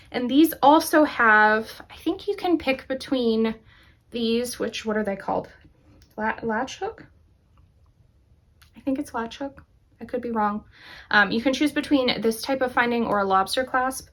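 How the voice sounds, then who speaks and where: Enthusiastic and laughing often, a knitting podcast host chats casually while showing off her projects in a show-and-tell. Her voice is on the high side and a bit bright.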